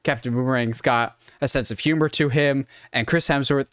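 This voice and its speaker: A podcast co-host with a mid-range voice chats casually about casting choices. The delivery is animated and sarcastic, full of mock quotes. The recording is dry and close. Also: mid-range voice, moderate pace, smooth, no room sound.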